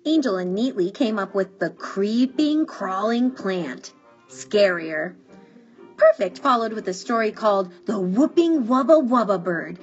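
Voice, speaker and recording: A woman reading a children's picture book aloud in an animated, expressive way. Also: a little high, a little slow. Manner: animated, drawing out words for effect. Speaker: storybook reader. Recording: dull, muffled recording with faint music.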